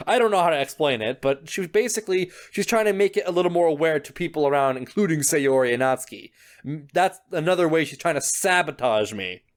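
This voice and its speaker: A young man playing through a visual novel, reacting in an animated, flustered way with frequent laughs and swearing. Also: on the high side, quick pace. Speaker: gaming YouTuber. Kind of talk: visual novel playthrough commentary.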